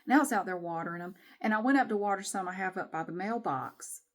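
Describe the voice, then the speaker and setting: A woman vlogger telling a story to camera in an animated, exasperated way. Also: mid-range voice, fast talker.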